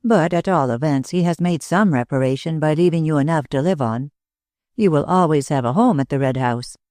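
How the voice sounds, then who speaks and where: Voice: mid-range voice, brisk, darkish tone, dry recording, studio quality, lightly acted. A narrator reading a weary, troubled young man. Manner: weary and anguished. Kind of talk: audiobook character reading.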